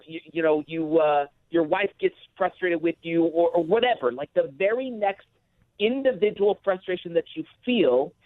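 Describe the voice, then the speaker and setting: A man's voice: fairly high pitch, no echo. Upbeat man on a tinny phone-like line. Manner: energetic storytelling, acts out his own reactions. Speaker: guest. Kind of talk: podcast conversation.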